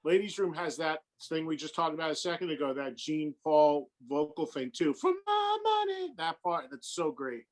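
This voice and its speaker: A man chatting as a guest, relaxed and analytical. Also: on the high side, moderate pace, hardly any pauses. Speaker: guest musician. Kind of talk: casual chat.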